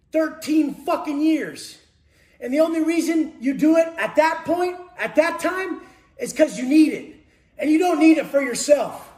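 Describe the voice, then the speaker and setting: A man delivers a motivational rant in a very high, strained register, swearing constantly and taunting the listener. He often breaks into shouting. The recording has a roomy echo. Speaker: motivational speaker. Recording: echoey room.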